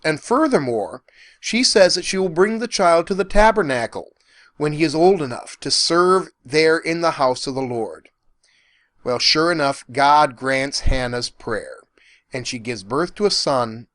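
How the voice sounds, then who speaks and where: A professor narrating a lecture in an animated, folksy storytelling manner. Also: male voice, fairly high pitch, unhurried, dry recording, clean studio sound.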